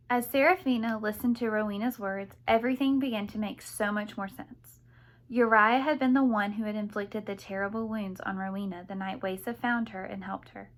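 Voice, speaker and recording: Female audiobook reader, steady storytelling, mid pitch. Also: normal speed. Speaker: audiobook narrator. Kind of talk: audiobook narration.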